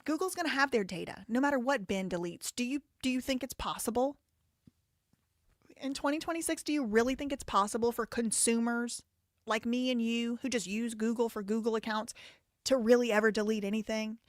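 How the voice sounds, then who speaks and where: A Southern US woman hosts a live stream, reading super chats and offering blunt, outspoken commentary that turns loud and high when she gets heated. She talks a little fast, and the recording is clean studio sound with no echo.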